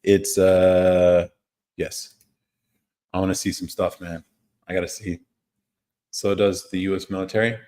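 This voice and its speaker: A man's voice: sits low, little pitch movement, measured pace, pauses often, mellow. A man hosting a live stream, chatting casually with viewers, reading their comments and chuckling often. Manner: laid-back, chuckles often, trails off. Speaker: livestream host.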